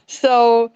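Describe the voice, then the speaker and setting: A young woman calmly telling a personal story on a video call, gentle and laughing often. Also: dry recording, highs cut off. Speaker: meditation participant sharing a story. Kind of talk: casual spoken testimony on a video call. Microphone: phone camera on a video call.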